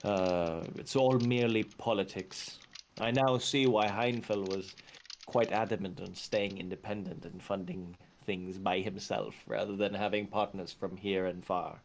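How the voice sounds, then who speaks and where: A man's voice: low-pitched, steady tone, unhurried, a little hiss or hum, pitched below the performer's own voice. A man voicing a weary, polite manor butler who enunciates every word carefully. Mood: formal. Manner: careful, clearly enunciated formal speech.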